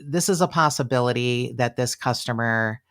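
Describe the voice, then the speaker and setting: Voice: medium pitch, moderate pace. Chatty true-crime podcast host. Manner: animated, chatty, acts out quotes, many fillers. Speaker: podcast co-host telling a case. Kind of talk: casual true-crime storytelling.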